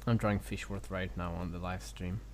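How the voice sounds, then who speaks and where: A man's voice: deep voice, fairly even intonation, brisk, darkish tone, a little hiss or hum. A man co-hosting a crude comedy chat, teasing his partner and joking around. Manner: jokey, teasing, jumps into goofy voices. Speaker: co-host.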